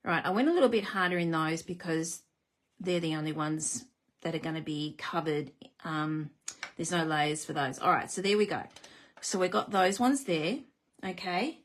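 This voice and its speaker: A woman's voice: sits low, normal speed. A woman hosting a live card-making demonstration, chatty and self-deprecating, greeting viewers as she works. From Australia.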